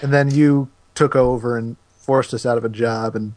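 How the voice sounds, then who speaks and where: A man's voice: medium pitch, fairly even intonation, darkish tone, dry recording. Wry, jokey guy on a podcast. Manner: wry, jokey, then brisk announcer-like. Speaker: podcast co-host. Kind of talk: casual gaming podcast chat.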